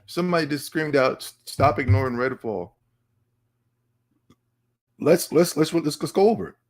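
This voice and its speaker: Animated excitable man hosting a podcast. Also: a little high, normal speed. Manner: animated, excitable, repeats and stammers; talks to live chat. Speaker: podcast host. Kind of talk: casual livestream chat.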